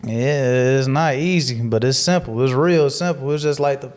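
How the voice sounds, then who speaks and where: A man who is a guest on a casual podcast, talking in a preachy, motivational way, repeating phrases for emphasis and growing animated as he tells stories. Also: medium pitch, normal speed.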